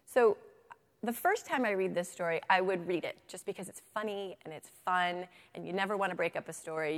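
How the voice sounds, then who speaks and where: A woman giving a lively workshop to teachers, reading picture books aloud and checking in often with her audience. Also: lowish voice, big-room sound. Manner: animated, chatty, checks in with "right?". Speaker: literacy workshop presenter for teachers.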